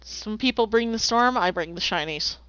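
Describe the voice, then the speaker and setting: Lively playful woman streamer. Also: mid-range voice, moderate pace, clear, resonant tone, no echo. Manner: playful, rambling, makes silly sounds. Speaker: streamer drawing commissions. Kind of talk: casual stream chat. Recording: slightly dull lo-fi, dry.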